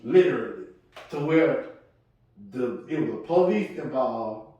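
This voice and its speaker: This young male podcast co-host speaks a little slowly in a mid-range voice, sharing stories in a relaxed chat and animatedly doing the voices of others. The audio has the highs cut off, and the room echoes with the mic set far away.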